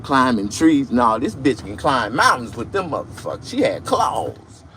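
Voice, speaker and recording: A man telling crude comic stories, shouting and shrieking for effect. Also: medium pitch, very animated, measured pace, slight background noise. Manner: crude, loud, shrieking storytelling. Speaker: comedian. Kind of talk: comic monologue.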